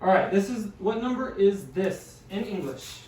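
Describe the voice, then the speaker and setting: Guy teaching a class, kinda high voice, sounds far off in an echoey room. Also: lively intonation, a little mellow, a little hiss or hum. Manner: patient, encouraging, sounds words out slowly. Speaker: Spanish teacher. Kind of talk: classroom language lesson. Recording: echoey room, distant mic.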